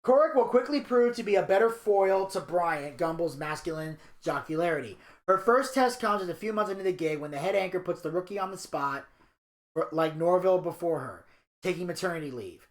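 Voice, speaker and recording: A man co-hosting a podcast, reading a narration aloud and retelling scenes in a crude, animated way. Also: high-pitched, fairly quick. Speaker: podcast co-host. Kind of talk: casual podcast chat, reading a documentary narration. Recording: echoey room.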